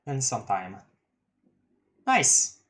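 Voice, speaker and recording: A streamer reading a webcomic live, excitable, laughing often and restarting sentences. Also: medium pitch, very slow. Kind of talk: casual live-read commentary.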